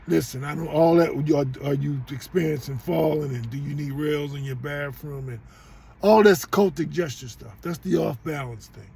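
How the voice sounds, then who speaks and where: A man's voice: fairly high pitch, normal speed, vocal fry, a little mellow, a little hiss or hum, rough recording. A middle-aged man telling a rambling story straight to his viewers, often repeating and restarting himself. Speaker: vlogger. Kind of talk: casual storytelling monologue.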